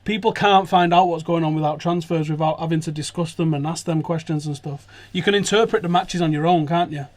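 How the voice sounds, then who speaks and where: Sweary high-voiced man. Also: fairly quick, few pauses. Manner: sweary, animated storytelling. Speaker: podcast host. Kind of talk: casual football chat. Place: sofa indoors.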